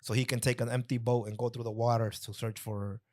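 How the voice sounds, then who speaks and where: A man's voice: medium pitch, level tone, a little fast, mellow. A man born in Mexico and raised in Chicago, a comedian chatting on a podcast in a laid-back, rambling, self-deprecating way. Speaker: comedian guest. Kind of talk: casual podcast chat.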